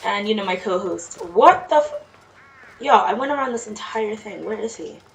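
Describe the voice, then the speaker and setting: A let's play gamer talks casually to herself during a video game, muttering and reacting as she goes. Her mid-range voice is animated with vocal fry and a normal speed, and the distant mic adds faint noise.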